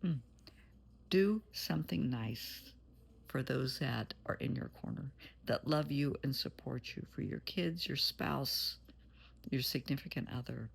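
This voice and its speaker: A woman's voice: rumbling low, unhurried, vocal fry, breathy edge. A woman therapist giving an earnest, motherly pep talk straight to her viewers, blunt at times. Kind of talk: encouraging direct-to-camera talk.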